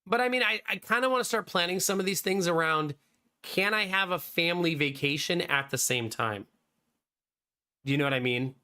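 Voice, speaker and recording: A man in his thirties, slightly hoarse, chatting casually on a live stream and answering viewers by name. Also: high voice, moderate pace, pushed and bright. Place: home streaming room.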